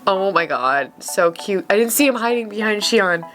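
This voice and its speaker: A young woman hosting a reaction video, chatting casually and gushing excitedly, with the odd swear. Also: medium pitch, normal speed, faint music behind.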